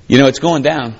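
A man's voice: mid-range voice, lo-fi sound. A man preaching a sermon in a folksy, conversational way that builds to fervent emphasis. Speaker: pastor.

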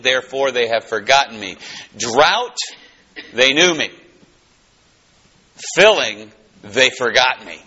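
A pastor teaching verse by verse from the Bible, going from emphatic to hushed. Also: male voice, fairly low pitch. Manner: animated, swings from emphatic to hushed. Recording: dull lo-fi recording.

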